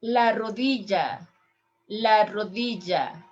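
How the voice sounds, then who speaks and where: A woman teaching Spanish to healthcare workers, saying each word slowly three times for listeners to copy. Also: medium pitch, darkish tone, dull audio, slight background noise. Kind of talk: language lesson for healthcare workers.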